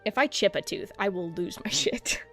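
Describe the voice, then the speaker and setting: A woman streamer chatting casually and rambling about practicing a deeper voice, self-deprecating and swearing freely. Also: normal speed, faint music behind. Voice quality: slight lisp-like clicking from a tongue piercing. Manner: experimenting with pitching her voice deeper. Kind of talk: casual livestream chat.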